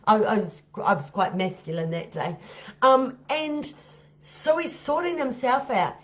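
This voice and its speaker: Woman, higher voice, slow delivery, profane, blunt, livestream storytelling. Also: sing-song, dull audio. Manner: often laughs at her own story. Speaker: live-stream host. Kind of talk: live-stream storytelling.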